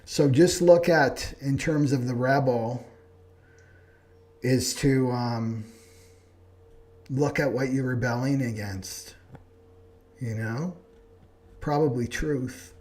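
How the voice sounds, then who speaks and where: A man of middle pitch leads a live spiritual class, speaking earnestly to his listeners. He keeps checking in with them as he teaches. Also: slow pace, pauses often, a little mellow. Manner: earnest, keeps asking "right?". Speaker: astrology teacher. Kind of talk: live online class talk.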